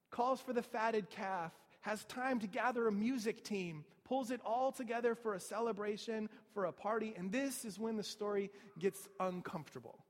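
A man's voice: high voice, in a large hall. A man preaching a sermon in a conversational way, with rhetorical asides to the listeners.

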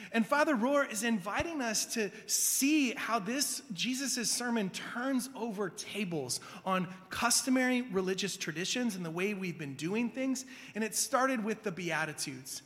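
A man's voice: sits high, fairly bright tone. A man preaching a casual, conversational sermon as pastor, talking in a chatty way full of fillers. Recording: long hall reverb.

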